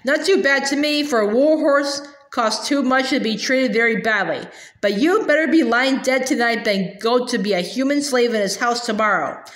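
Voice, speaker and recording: A woman reading a haughty talking stallion, proud, scornful, storybook, brisk, fairly high voice, roomy echo. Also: close to an everyday voice. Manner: haughty and brisk, talks down to the boy. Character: proud talking male war horse, scornful yet protective.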